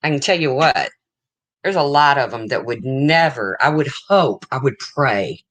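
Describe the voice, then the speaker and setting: An older woman hosting a casual livestream chat, blunt and rambling, with a low voice that callers mistake for a man's. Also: animated, unhurried, a bit bright, dry recording. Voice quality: low, husky-sounding voice, often mistaken for a man's. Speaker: livestream host.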